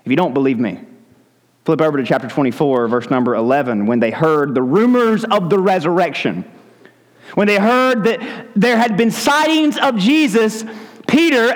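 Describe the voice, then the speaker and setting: A male pastor delivers a sermon as dramatic storytelling. His voice sits very high for a man. A long reverb from the sanctuary surrounds every phrase. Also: lively intonation, moderate pace. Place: church sanctuary.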